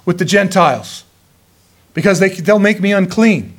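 A man's voice: high-pitched, expressive, moderate pace. A man voicing the apostle Peter as a stubborn, flustered man who protests in folksy words. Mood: protesting.

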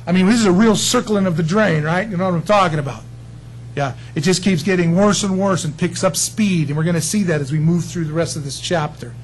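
A man's voice: sits high, brisk, slight background noise, low-quality recording. A man preaching a sermon, emphatic and folksy, often asking his listeners questions.

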